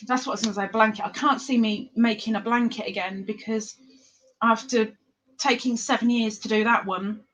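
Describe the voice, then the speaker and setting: Her voice sits a little high and comes across slightly bright, with a steady tone at a normal speed, though the recording sounds muffled. She's an Englishwoman, not from London by accent, running a crochet livestream where she reads the chat, greets viewers by name, and laughs a lot in easy live conversation.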